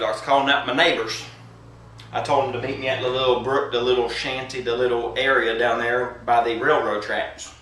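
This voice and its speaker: A man doing a comedic vlog monologue to camera, boastful and brash, with drawn-out pauses. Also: medium pitch, pushed and bright, roomy sound, a little hiss or hum. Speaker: comedic vlogger.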